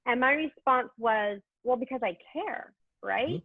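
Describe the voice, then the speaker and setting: A woman guest telling her story in a lively, emotional, casual way during an interview. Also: on the high side, creaky, husky, dry recording. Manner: lively, emotional, quick asides. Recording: tinny phone line.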